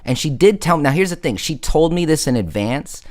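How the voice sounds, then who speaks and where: On a casual late-night stream, the male host tells a story in a slangy, rambling manner, loaded with fillers and asides. His voice is fairly high and darkish in tone, animated and a little fast.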